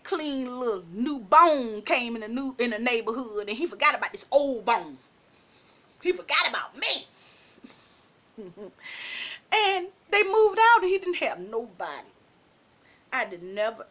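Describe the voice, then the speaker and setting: Female storyteller, casual vlog; animated, swooping delivery, frequent laughter. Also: fairly high pitch. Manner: animated, laughs often, calls listeners "baby". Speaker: storytime vlogger.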